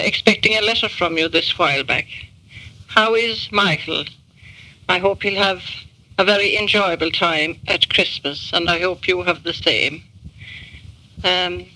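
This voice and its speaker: A woman's voice: lowish voice, unhurried, bright, forceful tone, rough recording. A woman recording a spoken message to family, hesitating often with ums and uhs.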